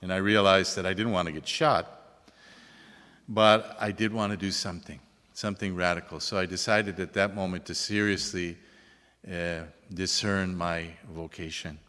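An older man, a priest, giving a relaxed, joking talk to an audience. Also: low-pitched, normal speed. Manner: relaxed, joking, chuckles at his own jokes. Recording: long hall reverb.

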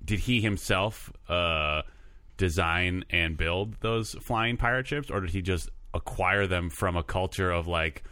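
A man co-hosting a comedy podcast, chatting excitably and laughing often. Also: low voice, measured pace, no room sound. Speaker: podcast co-host. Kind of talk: casual comedy chat.

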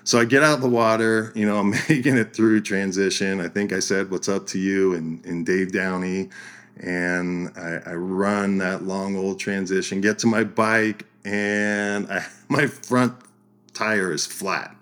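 A man telling a story as a podcast guest, animated and laughing through his lines. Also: sits low, measured pace. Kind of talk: casual storytelling.

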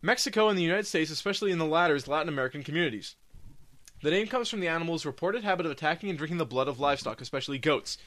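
Bright-voiced man reading cryptid facts. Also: fairly high pitch, animated. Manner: halting, restarts, laughs often, reads facts aloud. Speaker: co-host. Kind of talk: casual podcast chat.

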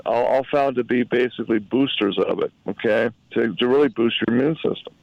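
A man pitching a product over a call, halting and repeating himself as he talks. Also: gravelly, dry recording, dull audio. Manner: halting, repeats words, salesy. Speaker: product promoter. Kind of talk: phone call.

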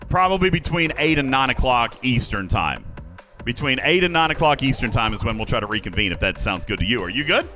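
A man's voice: medium pitch, very animated, fairly quick, pushed and bright, soft background music. A man hosting a casual podcast livestream, playful and hyping up his audience. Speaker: podcast host.

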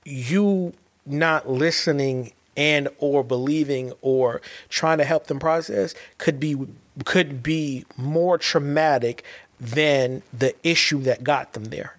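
A man's voice: on the high side, slow pace. A man and father giving a heartfelt monologue, earnest and emphatic, often repeating and restarting his words.

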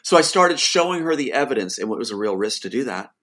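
A man's voice: medium pitch, big pitch swings, quick pace, fairly bright tone. A man, the guest, telling an emotional personal account in an insistent voice that rises to pleading outbursts.

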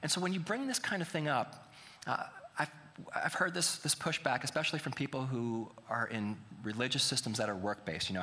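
A man's voice: medium pitch, fairly quick, pushed and bright, in a large hall. A man preaching a sermon as pastor, earnest and building to emphatic appeals.

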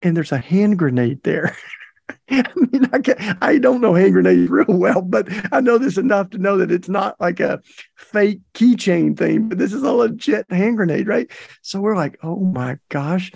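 Gravelly middle-aged man telling stories. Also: high voice, lively intonation, moderate pace, darkish tone, no room sound, clean studio sound. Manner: chatty, folksy, lots of fillers and laughs. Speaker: podcast host. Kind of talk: casual storytelling monologue.

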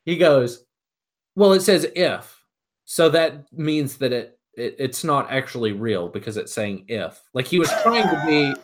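Man, casual chat, lively storyteller who imitates others mid-story, pitch swings wide. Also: moderate pace, few pauses. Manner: animated storyteller, mimics voices in anecdotes.

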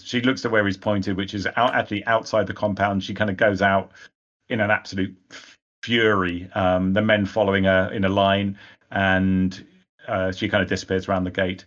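A man's voice: on the low side, level tone, moderate pace, a bit bright, lo-fi sound. A man narrating as game master of a tabletop game, rambling with frequent hesitations.

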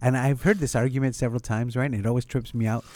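A man's voice: mid-range voice, fairly even intonation, fast talker, darkish tone, no echo, studio quality. A man co-hosting a podcast, rambling and joking with casual swearing. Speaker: podcast co-host. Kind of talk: casual chat.

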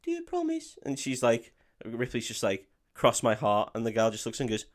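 A man's voice: mid-range voice, fairly even intonation, normal speed. A man co-hosting a podcast, casually recapping a film, swearing freely, laughing often and acting out characters' lines. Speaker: podcast co-host.

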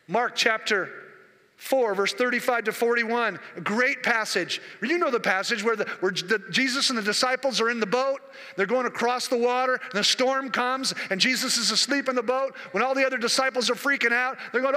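A man's voice: very high-pitched, a little fast, bright, forceful tone, in a large hall. A male preacher delivering a sermon, emphatic and repetitive, putting rhetorical questions to the congregation.

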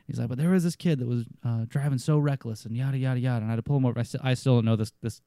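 A man's voice: mid-range voice, rapid-fire, warm tone, no echo, clean studio sound. A man chatting casually on a podcast, telling stories about clients, swearing and acting out what people said to him. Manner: storytelling, swears, acts out quotes.

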